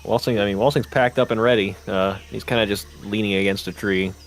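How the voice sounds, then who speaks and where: A man playing a tabletop role-playing game, describing his character in a relaxed way. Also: on the low side, a little fast, a little hiss or hum, poor audio. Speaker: player.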